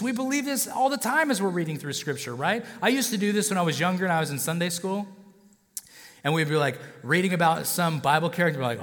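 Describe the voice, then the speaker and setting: A man's voice: sits high, expressive, a little fast, a bit bright, big-room sound. A male pastor preaching a sermon in a casual, joking way, often checking in with his listeners.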